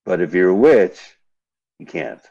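Speaking unhurriedly in a low, somewhat dark voice with lively intonation, a man jokes wryly with a co-host while explaining scenes from an old silent film. It's casual movie banter heard through a dull lo-fi radio stream.

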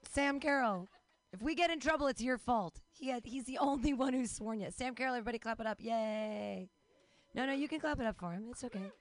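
Female comedy-night host, playful and teasing, a little higher than average. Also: fast talker. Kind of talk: introducing and thanking comedians.

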